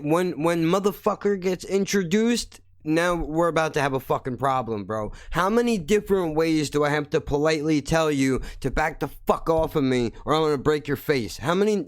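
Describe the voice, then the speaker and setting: A man's voice: on the high side, no echo. Podcast host, male, heated profane rant, close dry mic. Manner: blunt, heated, swears constantly. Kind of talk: angry profane monologue.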